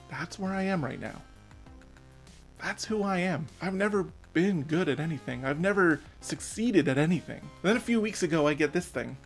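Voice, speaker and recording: A man in his thirties giving an earnest, emotional personal rant as a vlogger, swearing now and then. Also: high-pitched. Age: 30s.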